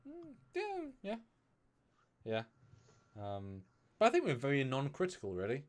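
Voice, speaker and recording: This male co-host of a live review stream has a sing-song, medium-pitched voice and a moderate pace. He chats casually with many fillers and restarts, periodically pleading for viewer donations.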